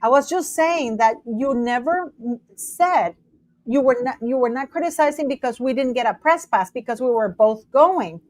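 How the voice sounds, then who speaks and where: A woman with a light Latin American Spanish accent hosts a casual talk, her voice sitting a little high. She tells stories in a lively way and acts out the people she met. The sound is dry, close and free of room echo. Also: moderate pace. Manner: animated storytelling, quoting people in changed voices. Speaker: host. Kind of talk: casual chat. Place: Canada.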